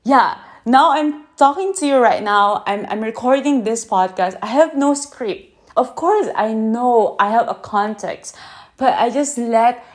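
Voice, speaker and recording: Slow, gentle woman podcasting on a phone. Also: fairly high pitch. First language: not English. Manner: slow, gentle, reflective, asks listeners "yeah?". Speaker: podcast host. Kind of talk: unscripted reflective podcast talk.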